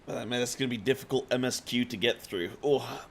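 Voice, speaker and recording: A man's voice: medium pitch, fairly quick, creaky, slight background noise. A man streaming a video game, chatting casually with viewers in a laid-back, joking way.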